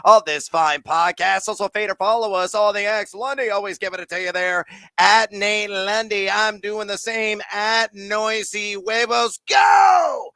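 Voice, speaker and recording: A man hosting a sports betting podcast, talking up picks with slangy hype and shouted sign-offs. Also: high voice, steady tone, moderate pace, clear, resonant tone, dry recording. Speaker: podcast host.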